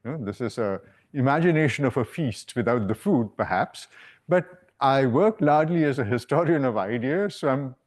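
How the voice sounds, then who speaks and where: A man's voice: mid-range voice, lively intonation, normal speed. A man giving an academic lecture, a professor talking in a discursive way and often checking in with "right?". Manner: discursive, frequent "right?" tags. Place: lecture hall.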